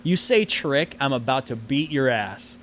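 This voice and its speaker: A man voicing a gruff, exasperated older pizzeria owner. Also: mid-range voice, lively intonation, unhurried, fairly bright tone, a little hiss or hum. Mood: angry. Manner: exasperated and bossy.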